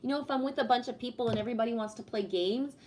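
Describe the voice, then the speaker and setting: A middle-aged woman from Canada chatting casually on a livestream, telling stories in an animated way with a lot of swearing. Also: on the high side, rapid-fire. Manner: animated storytelling with heavy swearing. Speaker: livestream host.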